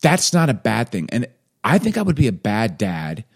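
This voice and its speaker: A man's voice: medium pitch, very animated, normal speed, gravelly, breathy edge. A man co-hosting a casual chat, telling stories loosely and leaning on filler words. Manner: loose, rambling storyteller, heavy on "like". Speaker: podcast co-host, father.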